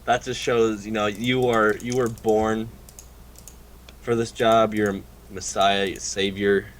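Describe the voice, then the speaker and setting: A man's voice: on the low side, flat delivery, takes it slowly, a little hiss or hum. A man calling into a stream, fawning and hesitant. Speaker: caller.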